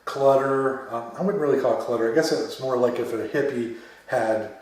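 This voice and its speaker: A man hosting a horror podcast talks through a film review in a loose, rambling way, full of uh and um, with some blunt swearing. His voice sits back from the mic and rings in a very echoey room. He talks at an ordinary pitch for a man. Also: moderate pace, darkish tone, far from the mic. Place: his home den filled with memorabilia.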